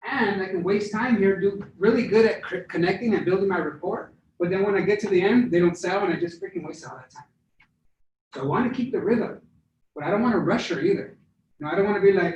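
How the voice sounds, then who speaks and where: High-voiced male trainer in an echoey room. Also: fairly quick, slight background noise. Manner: energetic, demonstrative, keeps checking in with "right?". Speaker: sales trainer. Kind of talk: interactive training session. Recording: roomy, echoey sound from far off the mic.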